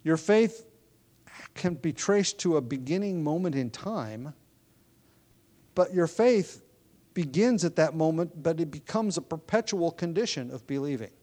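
A man giving an expository sermon, teaching in a measured, explanatory way with occasional restarts. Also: a little high, expressive, mellow. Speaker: preacher.

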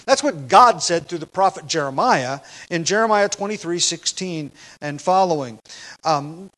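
A man preaching an expository sermon at a measured teaching pace, growing loud and emphatic when he quotes scripture. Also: on the high side, lively intonation, poor audio.

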